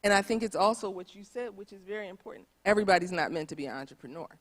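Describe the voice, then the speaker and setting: A woman speaking on a church conference panel, animated and emphatic, repeating phrases for stress. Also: medium pitch, very fast. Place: church auditorium.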